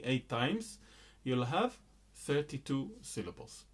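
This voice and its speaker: A man's voice: medium pitch, animated, a little slow. A middle-aged man teaching a rhythm lesson, explaining patiently with frequent fillers and chanting syllables and counts. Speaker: music teacher.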